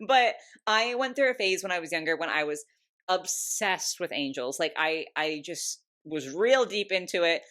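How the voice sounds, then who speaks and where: Young woman gushing over dolls, kinda low voice, says like a lot, laughs a bunch. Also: expressive, unhurried, fairly bright tone. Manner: gushing, chatty, lots of "like" and laughs. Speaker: doll collector YouTuber. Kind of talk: casual ranking vlog.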